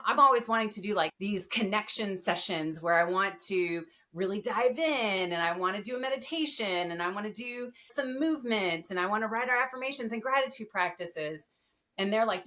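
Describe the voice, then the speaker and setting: A woman guest on a podcast, telling her story in a casual, animated and earnest way. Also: medium pitch.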